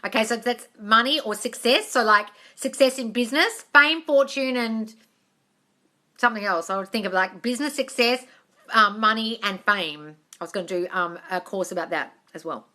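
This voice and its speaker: A woman hosting a casual live-stream Q&A on manifesting, reading out viewer comments and answering them warmly, calling people darling. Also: fairly high pitch, normal speed. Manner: repetitive, affectionate, calls viewers darling.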